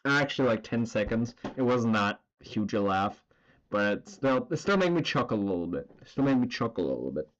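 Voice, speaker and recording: A man's voice: medium pitch, big pitch swings, a little fast, highs cut off. A man casually chatting while he draws on a live stream, rambling with lots of fillers and the odd swear word. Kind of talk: casual chat while drawing.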